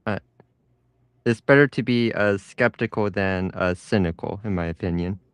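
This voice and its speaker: A man on a podcast, speaking hesitantly with many pauses in casual chat. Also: lowish voice, clean tone, dry recording.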